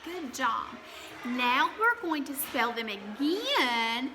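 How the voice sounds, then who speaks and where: A kindergarten teacher with a slightly high voice leads the class slowly through spelling and sight words, stretching each letter out and praising the children as she goes. Steady background noise hums under the recording. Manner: slow and drawn out when spelling, encouraging. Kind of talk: slow, clear classroom lesson.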